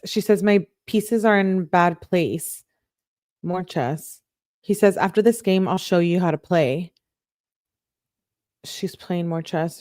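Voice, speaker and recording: A woman with a fairly low voice works through a long chain of text messages, reading each one aloud. She breaks in with exasperated comments of her own between them. The sound is dry and close, with no room around it. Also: a little mellow, no room sound. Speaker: true-crime commentator.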